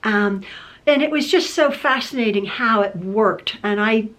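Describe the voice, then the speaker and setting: A woman's voice: a little high, unhurried, fairly bright tone. An older woman, a quilting channel host, chatting casually to camera from her home sewing room and rambling with many fillers and restarts.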